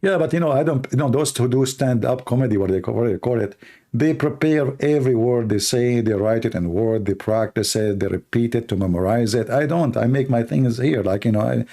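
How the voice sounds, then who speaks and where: Live-stream host, male, Arabic native from the Middle East, gravelly and dark, loose joking ramble. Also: medium pitch, brisk. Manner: rambling, joking, reacting to chat. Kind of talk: casual live-stream chat.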